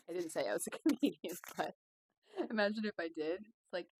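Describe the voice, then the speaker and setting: A woman's voice: fairly low pitch, fairly quick, darkish tone, slight background noise, poor audio. A young woman hosting a podcast, telling a long story in a rambling, profane, self-mocking way. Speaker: podcast host. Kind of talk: casual solo podcast storytelling.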